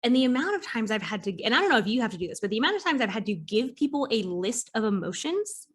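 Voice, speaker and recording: On her casual interview podcast, a therapist talks fast in a voice on the high side. She's lively and casually profane, and she performs her clients' voices as she tells their stories.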